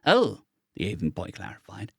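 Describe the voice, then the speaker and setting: A man reading an audiobook in steady, measured scripted narration. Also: mid-range voice, dry recording, studio quality.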